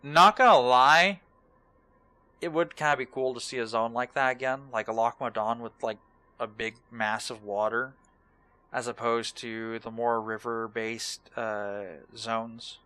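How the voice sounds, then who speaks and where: Bright-voiced rambling young gamer. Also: male voice, mid-range voice, little pitch movement, measured pace, clean tone. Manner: rambling, hesitant, self-deprecating. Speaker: let's play host. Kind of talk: casual gaming commentary.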